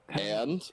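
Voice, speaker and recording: A man playing a tabletop game as a wizard player, casual and joking. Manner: joking, animated banter.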